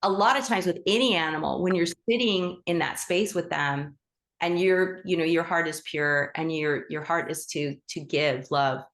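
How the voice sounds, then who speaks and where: Woman running an online class, slightly low voice, upbeat and swingy, on a video call. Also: moderate pace. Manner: enthusiastic, warm-voiced, swings in pitch. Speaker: animal Reiki teacher and host. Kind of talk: live online group class.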